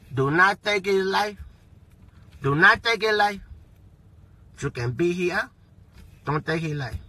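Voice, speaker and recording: A man voicing a calm, menacing gangster boss who talks slowly and quietly in a low voice. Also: full character voice. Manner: slow, low, threatening delivery.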